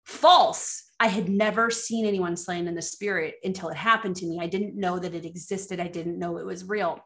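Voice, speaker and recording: Animated woman telling faith stories. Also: normal speed, few pauses. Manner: animated storyteller acting out her own reactions with big pitch jumps. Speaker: guest, ministry leader and coach. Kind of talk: casual faith podcast chat, storytelling.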